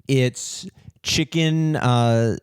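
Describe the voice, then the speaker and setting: A young man hosting a podcast, telling a story in an animated, swearing rant and mimicking people in higher voices. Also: drawn-out words, clear, resonant tone, no echo, clean studio sound. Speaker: podcast host, comedian.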